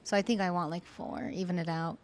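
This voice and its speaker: Gushing, excitable woman podcast host. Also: fairly low pitch, fairly quick, dry recording. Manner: gushing, excitable, laughs often. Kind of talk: casual chat.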